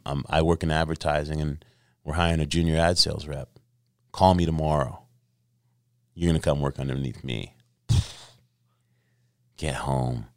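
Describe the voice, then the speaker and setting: Very deep-voiced man telling stories. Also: no echo, clean studio sound. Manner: animated, profane, acts out quoted voices. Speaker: podcast guest. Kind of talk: storytelling in a casual interview.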